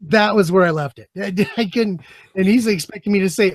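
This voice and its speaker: Man, high pitched, dry recording; profane, laughing storyteller on a talk show. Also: a little fast, no echo. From United States. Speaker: podcast guest and former soldier. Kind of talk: casual chat.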